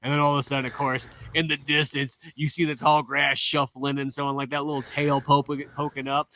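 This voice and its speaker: A man's voice: mid-range voice, level tone, a little fast, sharp tone. A man co-hosting a podcast, retelling movie scenes in a chatty way, often laughing and restarting his sentences. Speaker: podcast co-host. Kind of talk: casual movie review chat.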